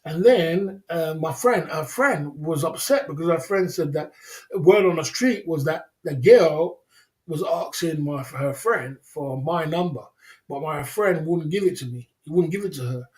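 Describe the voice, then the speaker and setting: A man's voice: a little high, lively intonation, unhurried, darkish tone. A man telling a rambling, slangy story on a livestream. He repeats himself and laughs often. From England. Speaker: livestream host.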